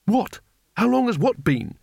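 A man's voice: very high voice, big pitch swings, a little slow, creaky, darkish tone, husky, dry recording, voice pushed up, heavily acted. A man voicing a cowardly male wizard who talks in a dry, sarcastic, exasperated way.

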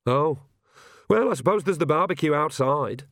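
A man's voice: fairly high pitch, animated, normal speed, fairly bright tone, no echo, pitched above the performer's own voice. A man voicing a blunt, matter-of-fact young woman, close to his own voice.

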